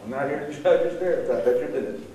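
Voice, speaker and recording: A middle-aged man, giving an animated storytelling talk to an audience at a gang awareness session. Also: fairly high pitch, very fast, a crowd in the background. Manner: animated, acts out voices in his stories. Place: large echoey room with an audience. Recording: very echoey room, voice from far off, faint hiss.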